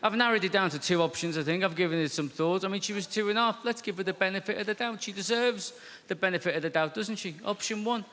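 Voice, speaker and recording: A man doing stand-up with a dry, deadpan storytelling manner and a fairly high voice. It rings with long hall reverb, with clear noise underneath. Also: quick pace. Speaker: stand-up comedian. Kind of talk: stand-up comedy.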